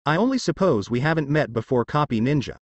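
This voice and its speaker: A man's voice: mid-range voice, animated, fast talker, no echo, dull audio, close to an everyday voice. A man voicing a reserved old ninja master who speaks pointedly and formally.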